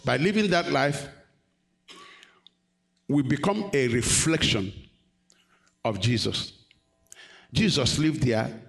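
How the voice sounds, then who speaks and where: A man preaching a sermon, questioning the congregation and rising to emphatic peaks. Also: mid-range voice. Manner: call-and-response, questioning the congregation.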